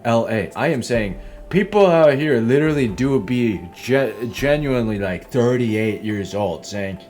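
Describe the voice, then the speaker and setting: A man's voice: mid-range voice, lively intonation, a little slow, a little mellow, faint music behind. A young man giving casual gameplay commentary as a streamer, rambling and swearing, and laughing often at his own tangents. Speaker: gaming streamer.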